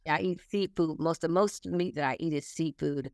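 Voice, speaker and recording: A woman in her sixties speaks in a fairly low voice, earnest and animated, with laughs coming through as she talks. The sound is dry and close, with no room around it. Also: normal speed, dry recording. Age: 60s. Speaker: interview guest. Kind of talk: casual chat.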